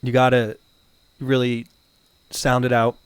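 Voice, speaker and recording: A man's voice: mid-range voice, monotone, slow, smooth, no echo. Laid-back joking man, dry sound. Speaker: podcast co-host. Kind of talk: casual chat.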